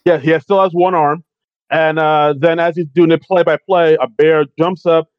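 A man's voice: on the high side, flat delivery, moderate pace, clear, resonant tone, no echo, dull audio. A man co-hosting a casual podcast, recapping a comedy movie in a laid-back, wry way and laughing often. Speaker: podcast co-host.

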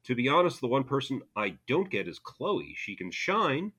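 A man co-hosting a podcast, reading listener comments aloud and teasing in a dry, deadpan way. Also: medium pitch, normal speed, slightly rough. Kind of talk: casual chat.

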